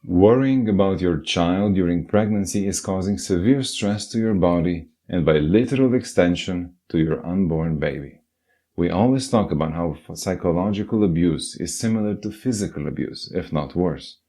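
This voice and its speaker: Deep-voiced man, earnest narration. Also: normal speed, dark tone. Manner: earnest, direct, addresses listener. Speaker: self-help narrator. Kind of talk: scripted motivational narration.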